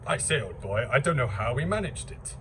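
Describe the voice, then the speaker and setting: A man doing a British siege survivor rambling theatrically about the old days, his pitch rising and falling. He sounds far from the mic, with noise underneath. It is an improvised comedy sketch. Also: very animated, fairly quick, natural voice. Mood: reminiscing. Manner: rambling, theatrical, patriotic bluster.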